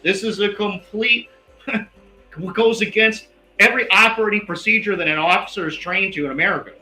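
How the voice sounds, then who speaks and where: A man's voice: high-pitched, moderate pace, bright, forceful tone. Fired-up man in an echoey room. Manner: emphatic, keeps tagging "all right". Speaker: investigative guest. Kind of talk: heated interview talk. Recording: echoey room with faint music.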